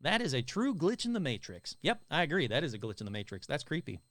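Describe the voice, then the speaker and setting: Male podcast host, slightly high voice, chatty and casual, reading listener stories, dry close sound. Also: sing-song, fast talker, a bit bright, dry recording. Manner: casual, chatty, swears and jokes between stories.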